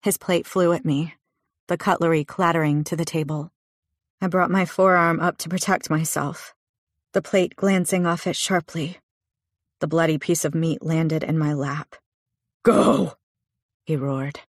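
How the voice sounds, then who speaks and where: A woman narrating a first-person audiobook in a measured, low and intimate way. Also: steady tone, no echo, clean studio sound.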